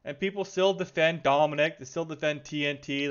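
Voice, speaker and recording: A man's voice: a little high, a little fast, a bit bright, clear, resonant tone, lo-fi sound. An exasperated man ranting about a game, swearing constantly and sighing heavily. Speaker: gaming video creator. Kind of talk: profane angry rant.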